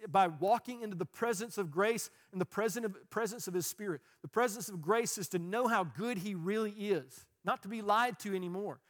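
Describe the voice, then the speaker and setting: A man, preaching a sermon as pastor, earnest and rising into fast, passionate bursts. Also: high-pitched.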